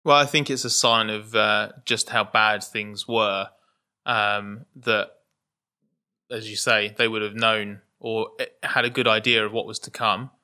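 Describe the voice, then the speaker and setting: A man's voice: lowish voice, fairly even intonation, a little slow, sharp tone, clear, resonant tone. A man co-hosting a motorsport podcast, thinking aloud with frequent fillers and restarts. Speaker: podcast co-host. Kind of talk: casual motorsport discussion.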